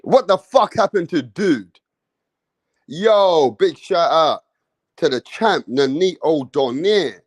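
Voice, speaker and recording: Swearing English boxing streamer. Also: male voice, on the high side, no echo. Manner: casual, joking, swears freely, addresses viewers. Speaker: boxing channel host. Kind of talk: live stream chat.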